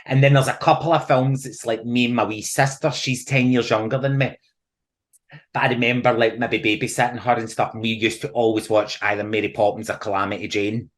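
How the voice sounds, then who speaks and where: A middle-aged Scottish man, a podcast guest, chatting casually and telling animated stories with frequent laughs. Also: mid-range voice, a little fast. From Scotland. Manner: animated storyteller, laughs often. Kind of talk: casual chat.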